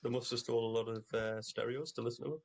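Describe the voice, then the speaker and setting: A man's voice: mid-range voice, steady tone, rapid-fire, darkish tone, rough recording. A man co-hosting a casual comedy podcast, reading out strange facts with wry asides. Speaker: podcast co-host. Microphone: podcast mic in a live online session.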